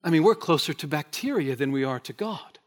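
Male pastor, somewhat high voice, emphatic sermon delivery with repeated phrases. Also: animated, a little fast. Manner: emphatic, repeats key phrases, swings from loud to hushed.

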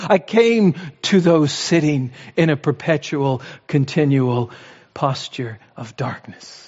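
A man preaching a sermon in an emphatic style, repeating phrases for emphasis and swinging between raised exhortation and low, quiet lines. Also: in a large hall, highs cut off.

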